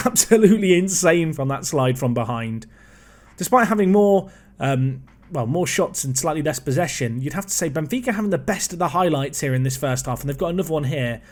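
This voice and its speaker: A man casually commentating his football management game, chatty and excitable, calling the play and talking to himself. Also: fairly high pitch, a little fast. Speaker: gaming YouTuber.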